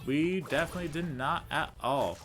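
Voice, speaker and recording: Over background music, a man with a fairly high voice gives moderately paced let's-play commentary on a video game. He rambles, chats, drifts into tangents and cracks self-deprecating jokes.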